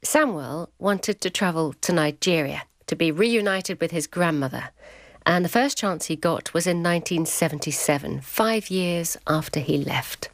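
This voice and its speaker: A woman presenting and narrating a documentary in a measured way. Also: fairly low pitch, expressive, dry recording, clean studio sound. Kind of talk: scripted narration.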